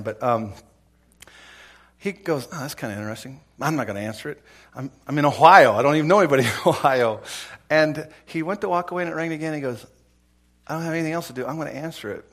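A man preaching a sermon, telling a story in a folksy, animated way and acting out the voices of its people. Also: medium pitch. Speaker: pastor.

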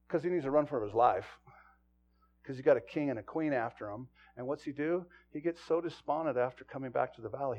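A man preaching a sermon to his congregation as pastor, swinging from loud exclamations to hushed, low asides. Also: a little fast, muffled recording.

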